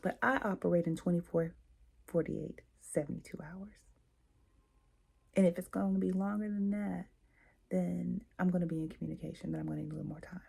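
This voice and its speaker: Low-key woman coaching in a gravelly voice. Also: steady tone, fairly quick. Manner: coaching, acting out examples, asks listeners questions. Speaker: host and coach. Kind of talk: self-help talk. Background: quiet, late at night.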